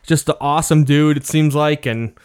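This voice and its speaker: Chatty podcast dude telling a story, smooth clear voice. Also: male voice, on the high side, steady tone, moderate pace. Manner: eager storyteller, loose and chatty. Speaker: podcast co-host. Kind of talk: casual chat.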